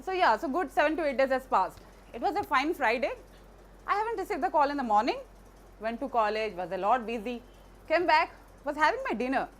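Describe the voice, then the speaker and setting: A woman's voice: high voice, big pitch swings, a little fast, a little hiss or hum. A woman, earnestly telling a personal story to an audience, with frequent restarts and fillers.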